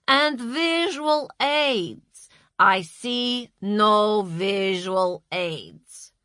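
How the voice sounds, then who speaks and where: A woman voicing a stern, bossy woman who lectures slowly and loudly. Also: medium pitch, no room sound, heavily acted. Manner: slow, loud, lecturing. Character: stern bossy woman running a corporate-style session.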